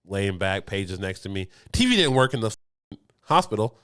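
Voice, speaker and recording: Animated man telling a crude story. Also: brisk, smooth. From United States. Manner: animated, acts out quotes with big pitch jumps. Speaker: podcast co-host.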